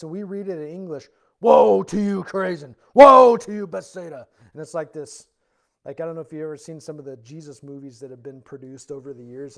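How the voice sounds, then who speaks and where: Earnest man teaching verse by verse. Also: medium pitch. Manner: earnest, explanatory, rises loud when reading scripture aloud. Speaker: pastor. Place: church.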